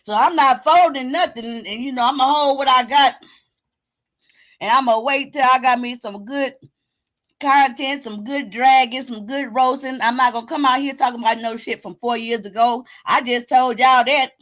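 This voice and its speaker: A woman hosting her own live stream, talking straight to her viewers in a loud, exclamatory and preachy way, whooping and cursing as she goes. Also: high voice, normal speed.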